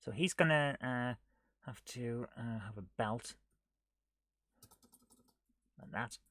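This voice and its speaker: Guy talking slow n dry while he codes on stream, mumbles to himself, grumbles at the software. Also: medium pitch, dry recording. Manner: muttering to himself while he works, often dropping to a near whisper; chatty and self-mocking, scolding the software. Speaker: streamer coding a retro game live. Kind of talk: live coding stream commentary.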